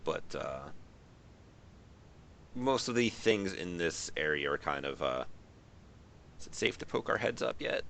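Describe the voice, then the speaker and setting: A man running a tabletop game in a very deep, low voice. He narrates in a relaxed, dry way, with plenty of uhs and ums. Faint noise sits under the audio. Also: unhurried, creaky, pauses often. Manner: relaxed, wry, with lots of fillers. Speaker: game master.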